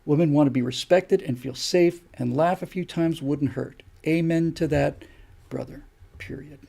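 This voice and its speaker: Gravelly older man lecturing. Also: fairly high pitch, normal speed, mellow. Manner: rhetorical, lecturing, fires off repeated questions. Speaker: live stream host. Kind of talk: opinion monologue on a live stream.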